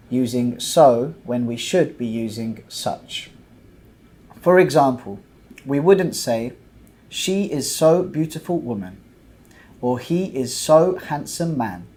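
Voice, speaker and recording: A male English teacher walks through a grammar point in a scripted lesson. His voice sits at an ordinary middle pitch, and he speaks very slowly and deliberately. He pauses to set out example after example with patient care. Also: a little mellow, a little hiss or hum. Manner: slow, deliberate, patient explaining with many examples.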